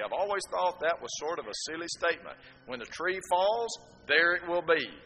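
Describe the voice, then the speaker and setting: Folksy preacher in a hall. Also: male voice, a little high, lively intonation, fairly quick, few pauses, pushed and bright, breathy edge. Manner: folksy storytelling, rhetorical asides. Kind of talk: sermon.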